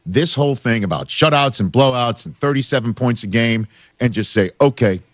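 A man hosting a casual sports talk show, animated and joking, laughing often. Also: medium pitch, normal speed, no room sound, studio quality.

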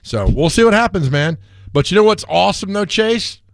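A man hosting a sports radio show, opinionated and animated, often stammering as he starts a point. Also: high voice, moderate pace, vocal fry, no echo, studio quality. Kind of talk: casual sports talk.

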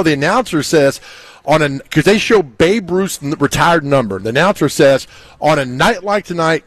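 A man hosting a casual sports talk show, telling stories and acting out quotes with big jumps in pitch. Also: no echo. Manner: animated storyteller, acts out quotes. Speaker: sports radio host.

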